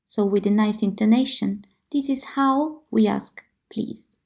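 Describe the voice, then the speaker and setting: Gravelly Italian woman teaching slowly. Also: mid-range voice, a little mellow. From Italy. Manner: slow, careful repetition for learners. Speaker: language teacher. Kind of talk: language lesson. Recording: slightly dull lo-fi audio.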